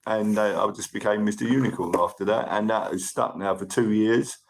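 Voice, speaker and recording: A man from the UK with a British accent, hosting a livestream and chatting casually through viewer comments, upbeat and a bit overexcited, his voice croaky. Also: lowish voice, fairly even intonation, brisk. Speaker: livestream host.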